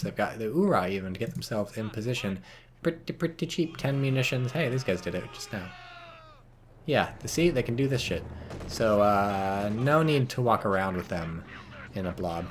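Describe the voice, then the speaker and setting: Wry low-voiced man commentating a game. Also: expressive, moderate pace, a little hiss or hum. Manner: wry, rambling, exclaims at blunders. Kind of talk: casual replay commentary.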